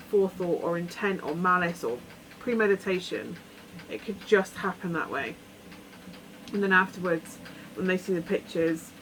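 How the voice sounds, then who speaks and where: A tarot reader delivers a rambling, earnest weekly reading with casual advice, often acting out imagined conversations. Her voice is fairly low. The recording is low quality, with slight background noise.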